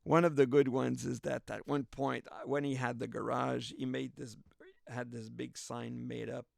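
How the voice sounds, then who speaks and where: A man's voice: medium pitch, level tone, normal speed, gravelly, dry recording, studio quality. A man podcast host casually retelling a story in a chatty, rambling way, full of filler asides.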